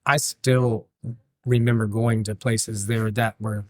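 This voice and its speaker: A man, a podcast guest, tells a lively story in casual chat, laughing and acting out what others said. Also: lowish voice, takes it slowly, no echo. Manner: animated, laughing, acts out quotes. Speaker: podcast guest, brewery owner.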